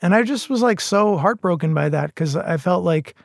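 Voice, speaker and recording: Earnest, gravelly-voiced middle-aged man. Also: high-pitched, expressive, slight background noise. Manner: earnest, halting, many restarts. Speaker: podcast guest. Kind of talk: casual conversation.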